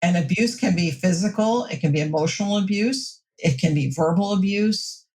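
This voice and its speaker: Woman counselor giving calm advice. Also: lowish voice, normal speed. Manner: steady, reassuring advice-giving. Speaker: mental health counselor guest. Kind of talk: podcast interview advice.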